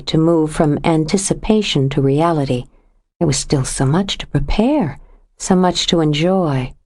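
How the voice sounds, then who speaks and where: A woman narrating a suspense audiobook in a steady, measured reading voice. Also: low-pitched. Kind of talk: scripted narration.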